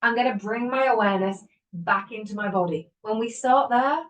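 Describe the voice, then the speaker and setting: A woman hosting a motivational talk, her voice pitched a bit high and lively. She laughs often and slips into little acted-out inner voices as she talks. The mic sits a little away from her. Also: moderate pace, far from the mic, low-quality recording. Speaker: podcast host. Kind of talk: motivational self-help talk.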